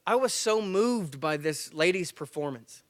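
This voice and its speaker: Animated man telling a story. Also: on the high side, a little slow. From Tennessee and Georgia, US. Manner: animated, acts out the story with swings between loud and hushed. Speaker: guest speaker at a church men's breakfast. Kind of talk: storytelling talk to a live audience. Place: church event before a live audience.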